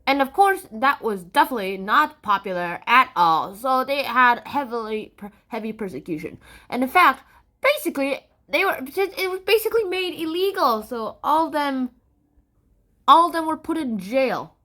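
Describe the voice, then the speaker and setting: A woman's voice: sits high, moderate pace. A woman giving a playful, casual history lesson, joking and adding sound effects. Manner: animated, jokey, adds sound effects. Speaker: history explainer.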